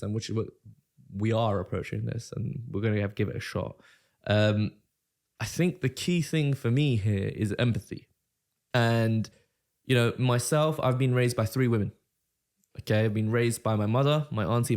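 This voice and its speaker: A man's voice: mid-range voice, darkish tone. A man with a British accent co-hosting a podcast, in casual chat, joking and calling his friend mate. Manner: bantering, says "mate" often. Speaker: podcast co-host.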